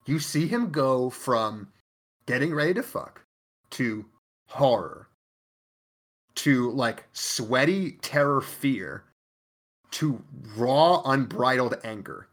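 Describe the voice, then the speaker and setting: A man's voice: mid-range voice, expressive, slow pace, long pauses, a bit bright. A man co-hosting a podcast, casually recapping an anime in a profane, emphatic way. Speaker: podcast co-host.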